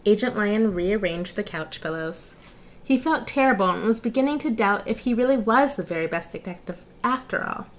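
A woman reading a children's picture book aloud, narrating gently and engagingly, with asides to the listener. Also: medium pitch, lively intonation, moderate pace. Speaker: storyteller. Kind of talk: children's story read-aloud.

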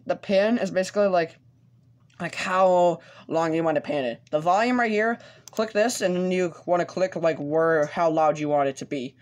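Guy doing a casual screen tutorial on his computer mic, lots of um and restarts, kinda halting. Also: high voice. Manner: hesitant, halting, with many fillers and restarts. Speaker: tutorial host.

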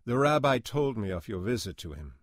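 A man voicing a quiet, weary older male janitor who speaks in a clipped, precise way. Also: medium pitch, sing-song, fairly quick, dry recording, studio quality, pitched above the performer's own voice.

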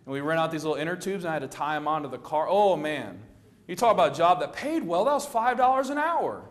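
A middle-aged man preaching a sermon, telling the story with lively acted-out quotes and a plain conversational manner. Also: fast talker. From Florida. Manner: animated storytelling, acting out quoted lines with rising pitch.

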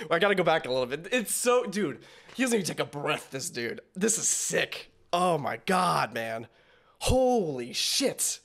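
An excitable man hosting a music reaction, slightly high-pitched, bursting with amazement. He swings between loud exclamations and quiet, choked-up murmurs. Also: unhurried. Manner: excitable, swearing in awe, drifting to hushed mutters. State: emotional, tearing up. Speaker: reaction video host. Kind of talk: casual music reaction commentary.

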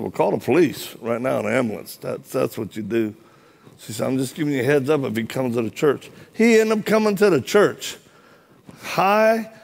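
A man's voice: medium pitch, creaky. A middle-aged man preaching in a church, telling funny stories and acting out the other people's lines. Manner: animated, joking storyteller acting out dialogue. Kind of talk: sermon with comic storytelling.

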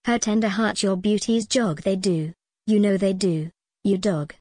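A woman's voice: mid-range voice, steady tone, unhurried, a little mellow, husky, no room sound, studio quality. A woman doing a strict old sea captain. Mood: chiding.

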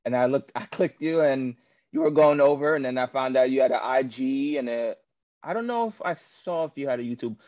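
A man's voice: medium pitch, fairly quick, a little mellow. A man from Queens, New York, a guest on a live show, answering hesitantly with many fillers. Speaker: guest caller. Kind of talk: casual interview on a live stream. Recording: dull, lo-fi call audio.

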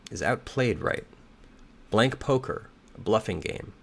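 A slightly hoarse man thinking aloud as he solves a crossword, reading clues and muttering and second-guessing his answers. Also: lowish voice, expressive, measured pace, a bit bright. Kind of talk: thinking aloud while solving.

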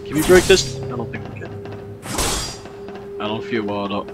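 A man's voice: lowish voice, lively intonation, moderate pace, over loud music. A young man casually commenting on his game as he plays, rambling and repeating himself, with sudden startled outbursts. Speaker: gaming commentator.

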